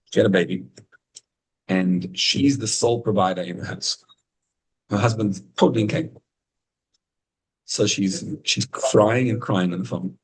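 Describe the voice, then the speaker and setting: A husky-voiced man leads an informal Torah class over a video call. He tells stories with growing excitement, sometimes climbing high in pitch to drive a point home. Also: low-quality recording. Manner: animated storytelling, rising to high excited emphasis. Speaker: rabbi teaching a class.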